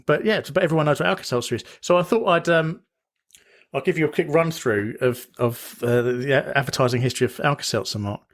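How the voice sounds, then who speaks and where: A man's voice: medium pitch, quick pace. A British man hosting a podcast in casual chat, rambling and correcting himself as he goes. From Britain. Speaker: podcast host.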